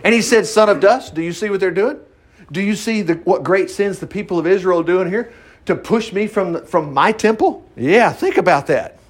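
A man's voice: sits high, normal speed, breathy edge. A man preaching an informal Bible-teaching sermon in a folksy way, reading scripture and acting out quotes in mocking voices. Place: farm.

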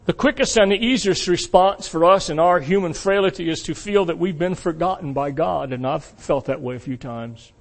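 A man preaching a sermon to his congregation, emphatic and asking them rhetorical questions, swinging between loud peaks and quiet asides. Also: a little high, normal speed, few pauses. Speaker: pastor.

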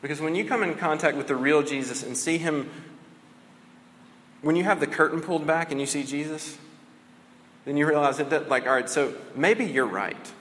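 A man's voice: fairly high pitch, moderate pace, pauses often, fairly bright tone, big-room sound, a little hiss or hum. A man preaching a sermon as a pastor, conversational and casual, often saying "like" and "right?".

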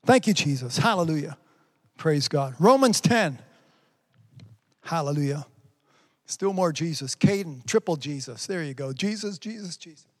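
A man's voice: on the high side, lively intonation, moderate pace, pauses often. A man preaching a livestreamed sermon, fervently reading out viewers' comments and exclaiming praise between them. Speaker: pastor.

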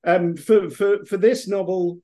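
A man's voice: high voice, fairly even intonation, measured pace, warm tone. A middle-aged English man talking as an author guest in a podcast interview, rambling with many restarts and fillers. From England.

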